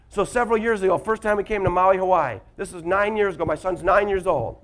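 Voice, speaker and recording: A man's voice: sits high, brisk. A man giving a motivational workshop talk to a live audience, telling stories and asking the audience questions. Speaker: motivational speaker.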